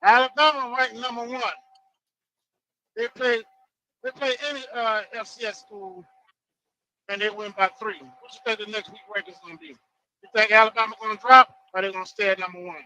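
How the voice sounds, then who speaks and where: A man's voice: high-pitched, steady tone, moderate pace, pauses often, pushed and bright, low-quality recording. A man calling into a sports show, insistently repeating his question. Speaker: caller. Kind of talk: phone-in question.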